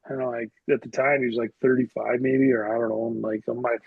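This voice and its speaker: Man, husky, middle-aged, from Canada, rambling casual storytelling, dry close sound, dull lo-fi. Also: mid-range voice, fairly even intonation, fast talker, no room sound. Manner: rambling, lots of "like" and restarts. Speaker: guest, retired hockey player.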